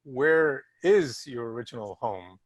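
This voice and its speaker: A man's voice: medium pitch, expressive, a little slow, no echo. A man with a Southern US accent interviewing a guest, hesitant and repeating words as he asks. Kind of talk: casual interview.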